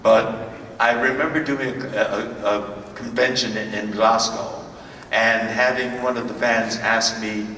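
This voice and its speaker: Slow halting older man, echoey hall. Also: fairly low pitch, fairly even intonation, bright, forceful tone, distant mic, a little hiss or hum. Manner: halting, many fillers and restarts. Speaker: convention panel guest. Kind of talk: anecdotal storytelling. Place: large convention hall. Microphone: far from the recording camera.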